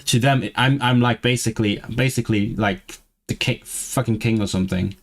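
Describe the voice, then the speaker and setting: A man's voice: medium pitch, moderate pace. A man streaming live, chatting casually with a vaguely southern British accent and many stumbling restarts. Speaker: language-learning streamer. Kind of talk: casual livestream chat. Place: lives in northwest England.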